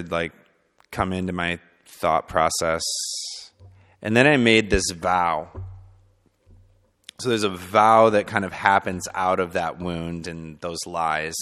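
A man telling a story from his childhood in a loose, conversational way, full of fillers, sometimes soft and sometimes emphatic. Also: low-pitched. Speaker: speaker sharing personal testimony. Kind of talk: personal storytelling talk. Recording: long hall reverb.

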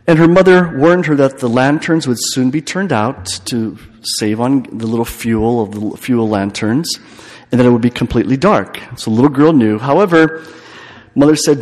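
Preacher with long church echo. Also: male voice, mid-range voice, normal speed. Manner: storytelling, emphatic repetitions. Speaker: priest. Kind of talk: retreat homily.

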